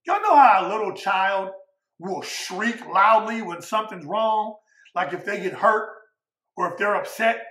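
A man preaching a sermon, emphatic and folksy, addressing the congregation directly and swinging between loud declarations and hushed asides. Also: extremely high pitch, roomy sound. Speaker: pastor.

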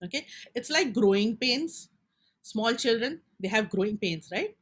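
A woman's voice: a little high, animated, measured pace, husky. A woman with an Indian English accent giving a casual spiritual talk, chatty and acting out people's inner voices. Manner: chatty, code-switching, acts out inner voices. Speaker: spiritual teacher.

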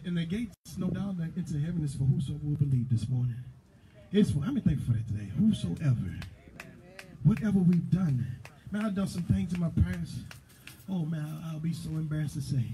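Fervent high-voiced male preacher. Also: a little hiss or hum, rough recording. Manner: fervent call-and-response preaching, rising to shouts. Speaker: pastor. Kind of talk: sermon. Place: church sanctuary.

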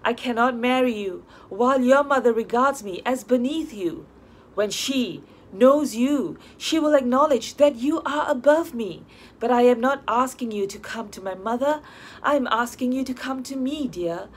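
A woman's voice: a little high, lively intonation, normal speed, breathy edge, voice pushed up. A woman voicing an earnest young male lawyer, eager and insistent as he pleads his love in an audiobook. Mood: eager pleading.

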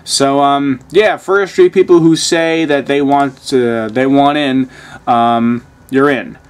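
A man's voice: medium pitch, steady tone, takes it slowly, smooth. Swearing man muttering over gameplay. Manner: swears a lot, reads game text aloud, mutters. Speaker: gaming channel host. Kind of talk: casual gameplay commentary.

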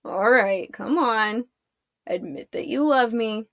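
A woman's voice: on the high side, slow pace, a bit bright, dry recording, clean studio sound. A woman voicing a cocky young warlock boy who teases and wisecracks in a storybook read-aloud. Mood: teasing. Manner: teasing, wisecracking.

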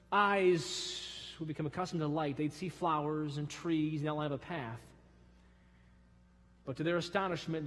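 A middle-aged male pastor preaching a sermon, swinging from loud, fervent rises to soft, low drops. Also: in a large hall. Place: church sanctuary.

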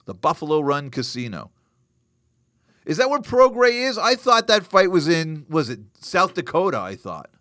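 A man's voice: fairly high pitch, normal speed, dry recording, studio quality. A man hosting a live boxing news show, chatting casually, joking and answering viewer comments. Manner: animated, joking, reacting to live chat. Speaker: host.

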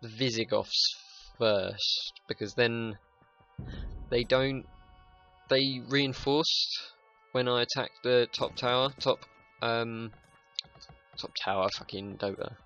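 A man's voice: medium pitch, takes it slowly, bright, forceful tone, lo-fi sound, soft background music. A young man giving casual, sweary gameplay commentary, joking and muttering to himself. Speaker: gaming YouTuber.

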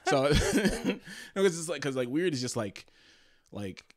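A man's voice: a little high, very animated, takes it slowly. A man co-hosting a podcast, telling rambling, profane stories in casual chat, full of restarts and laughs. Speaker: podcast co-host.

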